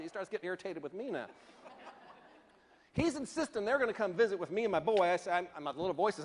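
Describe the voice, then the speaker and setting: A man from Northern Virginia giving a keynote speech, telling a story with animated delivery and acting out the voices of the people in it. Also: sits high, fairly quick, long reverb tail. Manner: animated, acts out the voices of people in his stories. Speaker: keynote speaker.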